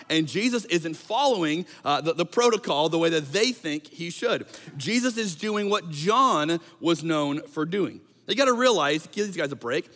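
A man preaching a conversational sermon as pastor, animated and joking, sometimes acting out quotes in a raised voice. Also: high-pitched, in a large hall.

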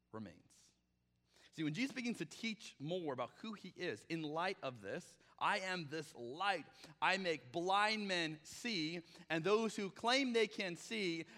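A man's voice: on the high side, sharp tone, in a large hall. A man preaching a conversational sermon as pastor, often acting out the voices he quotes.

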